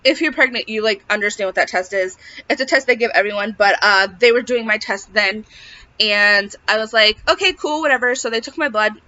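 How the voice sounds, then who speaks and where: A young woman vlogger retells a personal story emotionally, rambling with plenty of fillers. Her mid-range voice is bright and forceful, fairly even in intonation and a little fast. The dry recording sounds dull and lo-fi.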